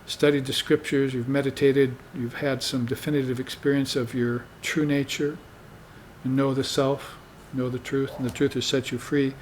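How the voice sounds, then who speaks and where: A man speaking as a spiritual teacher to a room of students, with a mid-pitched voice. He talks in an unhurried, conversational way and keeps checking in with "you see". A faint hiss sits under the recording. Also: flat delivery. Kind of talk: dharma talk.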